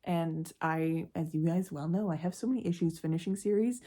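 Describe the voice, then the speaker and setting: A woman's voice: on the low side, a little fast, dark tone. A young Canadian woman vlogging casually about books, gushing and laughing often. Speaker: book vlogger. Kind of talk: casual vlog chat.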